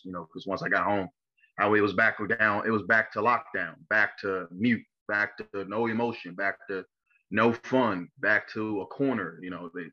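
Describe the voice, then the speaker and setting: A young man from Maryland telling his life story in an interview, halting and full of fillers and restarts. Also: fairly low pitch, lo-fi sound. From Maryland, USA. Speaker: interview guest. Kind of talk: personal testimony interview.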